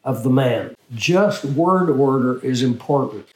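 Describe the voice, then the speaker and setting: An older male pastor teaching through a Bible passage in a measured way, often asking rhetorical questions. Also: medium pitch, animated, reverberant, rough recording.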